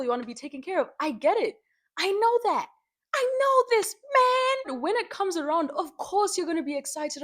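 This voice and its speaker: A young Zimbabwean woman vlogging her frank opinions, animated and slangy, now and then slipping into Shona at home. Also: sits high. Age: young adult. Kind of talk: candid opinion vlog. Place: home, by a window.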